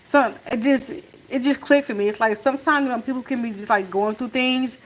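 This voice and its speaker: A woman in a casual storytime chat, retelling events in an animated way and acting out what was said, while cooking in her home kitchen. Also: on the high side, brisk, poor audio. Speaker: family vlogger. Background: faint sizzle of frying food.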